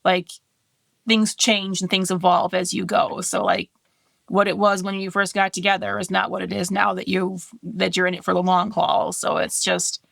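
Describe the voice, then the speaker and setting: Candid mom podcaster with gravelly voice. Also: female voice, fairly low pitch, little pitch movement, moderate pace, a bit bright, dry recording. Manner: candid, chatty, laughs often. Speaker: podcast co-host. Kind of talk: casual podcast chat.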